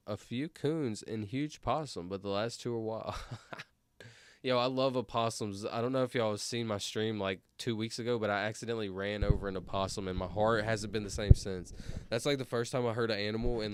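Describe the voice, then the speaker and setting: A young man, a streamer, telling rambling stories in casual chat, filling every pause with "like" and "anyways.". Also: fairly low pitch, smooth. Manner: rambling, filler-heavy, says "like" and "anyways" constantly. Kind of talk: casual storytelling while reading chat.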